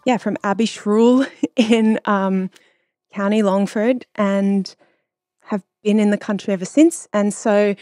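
A woman's voice: medium pitch, slow pace, no room sound, studio quality, faint music behind. A woman, a stage actor, answering casually and hesitantly in an interview. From Australia. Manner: relaxed, hesitant, repeats words.

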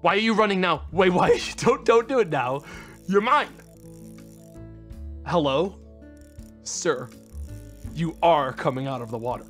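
A man streaming a fishing game, chatting to his viewers, swearing and shouting in frustration and excitement. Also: on the high side, a little slow, pauses often, faint music behind. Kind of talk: gaming livestream commentary.

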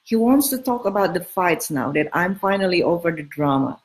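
A woman's voice: fairly low pitch, lively intonation, moderate pace. Middle-aged woman giving blunt dating advice, repeats herself for emphasis, just chatting. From Southern California home. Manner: frank, emphatic, repeats key words. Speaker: dating coach answering listener questions. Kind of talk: casual advice talk.

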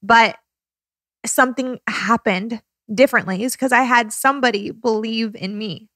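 A woman's voice: a little high, moderate pace, a bit bright, no room sound. A woman in her thirties hosting a podcast, talking in a heartfelt, effusive way while close to tears. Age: 30s. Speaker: podcast host. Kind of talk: emotional casual podcast talk.

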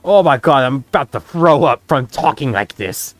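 A woman's voice: very deep voice, animated, moderate pace, dry recording. Woman making offhand gaming comments. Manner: offhand, joking asides. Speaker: gaming streamer. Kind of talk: casual commentary while playing.

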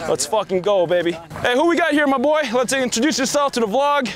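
A man's voice: very high voice, expressive, fairly quick, over music. A young man playing baseball and vlogging in a hyped, profane, trash-talking way on an outdoor field. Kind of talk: casual vlog chat.

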